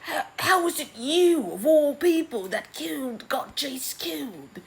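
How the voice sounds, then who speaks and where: An exasperated middle-aged prince, shrill and incredulous, hurling curses at his daughter in a voice pitched far above the speaker's own, as a woman puts him on. The voice sounds strained and pushed, with a distant, altered timbre, and a faint hum hangs behind it. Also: expressive, unhurried, gravelly, exaggerated voice.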